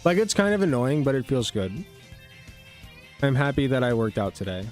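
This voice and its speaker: A man's voice: mid-range voice, big pitch swings, normal speed, darkish tone, faint music behind. A man hosting a casual reaction stream, rambling, swearing, and interrupting himself. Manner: rambling, profane, self-interrupting. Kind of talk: casual commentary.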